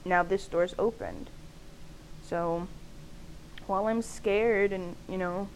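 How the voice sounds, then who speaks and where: A young woman hosts her own podcast in an unscripted, candid monologue. She speaks at a middling pitch, leans on "like" as a filler and laughs often. A faint hiss of noise sits under the recording. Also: fairly even intonation, slow pace, rough recording. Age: young adult. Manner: chatty and candid, many "like" fillers, frequent laughs. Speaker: podcast host. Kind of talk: casual solo podcast monologue.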